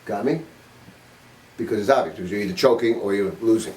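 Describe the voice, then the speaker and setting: A man's voice: on the low side, fast talker, a little mellow, a little hiss or hum. An older man teaching a saxophone master class in a studio, talking bluntly and informally, quizzing his students and swearing casually. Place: music studio. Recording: roomy sound from a distant mic.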